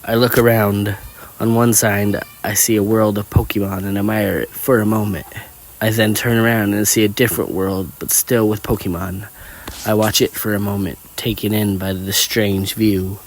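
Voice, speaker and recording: A man reads a first-person story aloud in a plain, steady way. His voice sits a little low. The delivery stays even from line to line. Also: moderate pace. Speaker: narrator.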